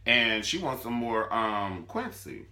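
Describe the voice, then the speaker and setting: A sassy man recapping a TV drama in a loose, comedic way. His voice sits fairly low but swings wildly up and down, with a bright, hard edge. He talks in an animated, playful rush. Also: takes it slowly. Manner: sassy, animated, swooping between squeals and low mutters. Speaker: vlogger reviewing a TV drama.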